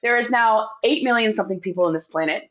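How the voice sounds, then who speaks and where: A woman's voice: mid-range voice, fast talker, a crowd in the background. A woman hosts a podcast interview in an eager, chatty way, sharing her own thoughts freely. Her voice sits in a mid range. The recording sounds dull and lo-fi. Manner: enthusiastic, chatty. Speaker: podcast host.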